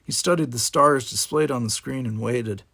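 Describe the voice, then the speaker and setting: A man reads a novel chapter aloud in a steady narrating voice. His tone is gravelly with a husky, unclear edge, and he slips into voices for the characters. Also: mid-range voice, moderate pace. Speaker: audiobook reader. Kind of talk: fan-fiction audiobook narration.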